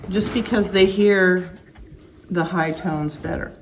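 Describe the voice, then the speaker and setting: A woman's voice: fairly low pitch, steady tone, slow, a little hiss or hum, low-quality recording. Firm, plain-spoken woman breeder. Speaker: dog breeder. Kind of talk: casual instructional vlog.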